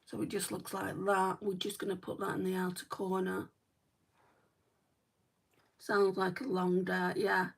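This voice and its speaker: Northern english woman rambling while she does her makeup, mid pitch, mic sits a little far off. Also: monotone, unhurried, gravelly, pauses often. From northwest England. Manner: chatty, rambling, fillers like "right" and "like". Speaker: beauty vlogger. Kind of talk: casual livestream chat while doing makeup.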